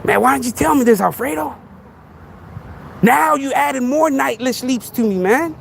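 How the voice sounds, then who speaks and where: Sarcastic high-pitched man ranting, gravelly edge. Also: moderate pace, a little hiss or hum. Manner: sarcastic, mock-frightened, repetitive rhetorical questions; street slang. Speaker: podcast host. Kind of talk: casual monologue rant.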